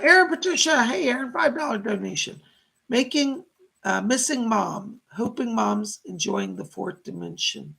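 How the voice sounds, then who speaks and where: A man's voice: high voice, gravelly, bright, forceful tone, husky. A middle-aged man hosting a live stream of psychic readings, gushing as he thanks viewers by name. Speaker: psychic medium host.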